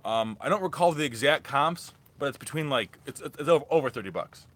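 A young man chats loosely through his thrift finds, often stopping and restarting mid-sentence. His voice has a bright, forward edge at a middle pitch. It sounds like an easygoing live-stream talk. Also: lively intonation, brisk. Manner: rambling, chatty, restarts often. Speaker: thrift reseller vlogger. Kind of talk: casual live-stream haul chat.

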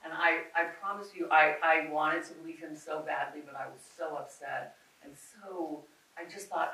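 A woman film producer telling a personal story on a conference panel, candid and animated, quoting others as she goes. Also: low-pitched, moderate pace. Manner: candid, animated, quotes others in her retelling. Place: conference auditorium. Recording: echoey hall, far from the mic, faint noise.

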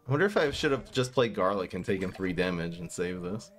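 A man giving casual commentary as he plays a card game, swinging between low muttering and exasperated outbursts. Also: brisk, few pauses, faint music behind. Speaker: gaming streamer.

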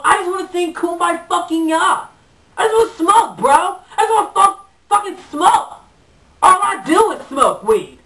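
Woman voicing a young stoner surfer dude, pizza guy, profane, laid-back, higher voice, boomy room sound. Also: a bit bright. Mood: defiant, worked up. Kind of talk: comedic character monologue. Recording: echoey room, voice far from mic.

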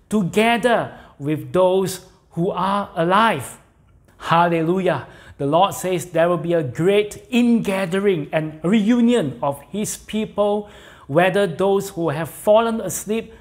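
Slow, deliberate male pastor. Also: sits high. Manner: slow, deliberate preaching with emphatic repetition. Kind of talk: sermon.

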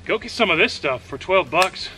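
Bright-voiced man narrating at a shooting range. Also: sits high, normal speed, slight background noise. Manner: relaxed running commentary between shots. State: out of breath at times. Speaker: host of a shooting channel. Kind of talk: casual outdoor shooting vlog.

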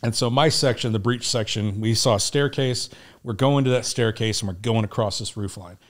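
Profane, animated veteran telling war stories. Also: male voice, mid-range voice, moderate pace. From United States. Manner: animated, profane war storytelling, laughing often. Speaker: guest, Navy SEAL veteran. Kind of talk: casual storytelling.

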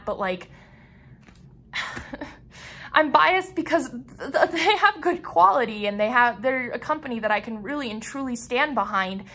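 Bright-voiced frustrated woman vlogger. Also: high-pitched. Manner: frustrated, sighing, rambling with restarts. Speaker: crafting vlogger. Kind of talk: casual unboxing vlog.

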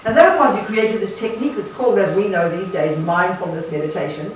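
Emphatic nun teaching in an echoey hall. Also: female voice, lowish voice, fast. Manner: blunt, emphatic, sarcastic asides. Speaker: Buddhist nun teaching a retreat. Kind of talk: dharma talk to a retreat group. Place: meditation centre hall. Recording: echoey room from far off, faint hiss.

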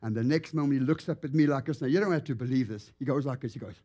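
A man preaching in a church as a guest evangelist, telling stories with lively, acted-out animation. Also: medium pitch, very fast, highs cut off. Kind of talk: storytelling sermon. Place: church sanctuary.

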